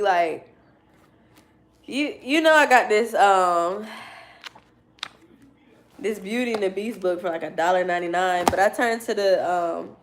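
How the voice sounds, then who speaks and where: Loose, slangy woman with a gravelly voice. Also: medium pitch. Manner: loose, swearing, laughing, slangy. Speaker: tarot reader. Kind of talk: casual storytelling to viewers.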